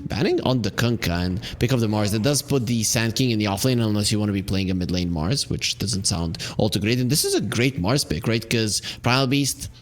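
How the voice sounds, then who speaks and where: A man casting a video game match, explaining hero picks and strategy in steady analytical commentary. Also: lowish voice, a little fast, hardly any pauses. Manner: explanatory, steady, fillers while thinking. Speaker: esports caster.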